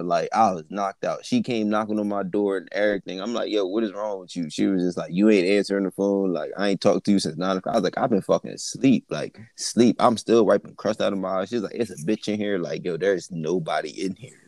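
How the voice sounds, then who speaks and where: Deep-voiced laid-back young man. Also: steady tone, brisk, few pauses, a little mellow, no echo. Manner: laid-back storytelling with slang and frequent laughter. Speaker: podcast co-host. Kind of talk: casual chat.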